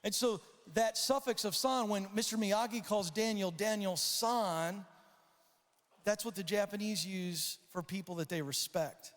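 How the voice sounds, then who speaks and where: Animated male keynote speaker in a reverberant hall. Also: high-pitched, a little slow. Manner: animated storyteller acting out voices and shouts. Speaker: conference speaker. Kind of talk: storytelling keynote talk. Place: large conference hall.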